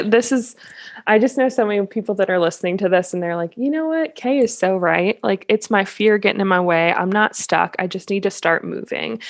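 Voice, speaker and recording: A woman's voice: medium pitch, dry recording, clean studio sound. A woman hosting a podcast in casual chat, encouraging and affirming her guest. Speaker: podcast host.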